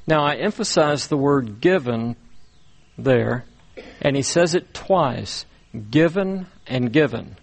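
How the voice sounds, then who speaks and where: Slow, deliberate male preacher. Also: fairly high pitch, animated. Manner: slow, deliberate preaching with many pauses and repeated words. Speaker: pastor. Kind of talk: sermon.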